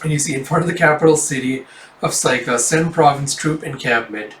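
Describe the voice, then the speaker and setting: A man's voice: a little high, fairly quick, a bit bright, a little hiss or hum. A man casually reading a manga aloud, summing up the panels in a loose, chatty way between the characters' lines. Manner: loose, chatty, keeps saying "it's like". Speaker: manga reader. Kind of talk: casual read-aloud recap. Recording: roomy, distant mic, faint ambience.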